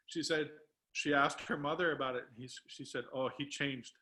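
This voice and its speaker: A man's voice: a little high, fairly even intonation, normal speed, pushed and bright, low-quality recording. A man speaking as a guest on a video call, telling a spiritual story with emotion. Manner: emotional, tearful at times.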